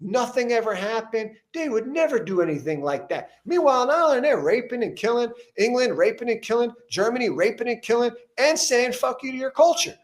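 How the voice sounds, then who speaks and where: A man's voice: very high-pitched, lively intonation, fairly quick, hardly any pauses. A man hosting an interview, talking emphatically with frequent restarts and rising intensity as he gets worked up. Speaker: podcast host interviewing a politician. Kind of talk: heated conversational interview.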